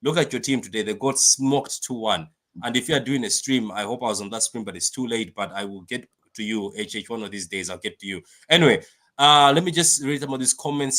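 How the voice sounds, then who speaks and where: Bright-voiced excitable man hosting a stream. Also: medium pitch. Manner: excitable, repetitive, reads viewer comments aloud. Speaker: fan channel host. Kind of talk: live-stream match reaction chat.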